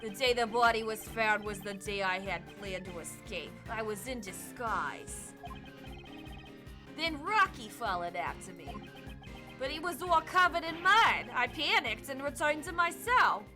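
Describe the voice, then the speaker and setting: A woman's voice: fairly high pitch, expressive, unhurried, over music. A woman voicing a tough, defiant male prisoner in a mock Brooklyn accent, reading game dialogue aloud. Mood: sulky. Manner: brash, defiant, shouting.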